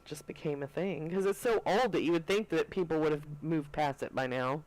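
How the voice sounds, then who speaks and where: A man's voice: on the high side, animated, fairly quick, low-quality recording. A man co-hosting a podcast, chatting casually and telling laid-back stories full of swearing. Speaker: podcast co-host. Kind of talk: casual chat.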